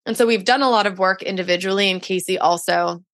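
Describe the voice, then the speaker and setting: A woman's voice: medium pitch, quick pace, a bit bright, dry recording. A young adult woman, a podcast guest, telling a personal story in casual chat and saying "like" often. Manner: chatty storytelling, heavy use of "like".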